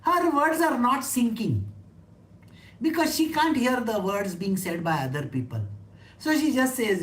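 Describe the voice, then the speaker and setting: A woman's voice: a little high, sing-song, measured pace, pauses often. A woman giving an informal talk on scripture, chatty, often asking her listeners questions and laughing. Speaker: spiritual teacher. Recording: echoey room.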